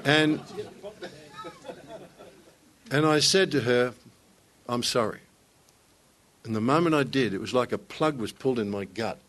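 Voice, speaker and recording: A man's voice: medium pitch, normal speed, long pauses, fairly bright tone. An older man delivering a sermon. He tells stories with emphasis and builds to raised, fervent passages. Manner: storytelling, emphatic, rising to raised intensity. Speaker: pastor.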